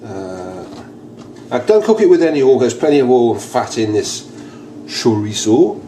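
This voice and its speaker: Very animated yet mellow, this British man speaks at normal speed with a medium pitch as he casually shows how to cook in his home kitchen, rambling and restarting frequently. The recording carries kitchen echo and faint background noise.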